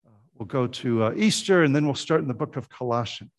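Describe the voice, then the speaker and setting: A man's voice: mid-range voice, lively intonation, brisk. A man preaching a sermon as pastor, earnest and conversational, often restarting his phrases.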